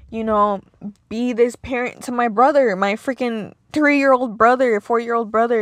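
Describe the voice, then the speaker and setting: A woman's voice: fairly high pitch, dry recording. Casual young woman, dry close sound. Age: young adult. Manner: casual, emotional, filler-heavy with many "like"s. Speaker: podcast host. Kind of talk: personal monologue.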